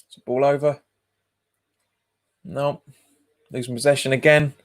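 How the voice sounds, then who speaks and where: A man's voice: medium pitch, level tone, a little slow. A man, hosting a football watch-along stream, chatting casually, laughing often and reading out viewer comments. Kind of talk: casual live commentary and chat.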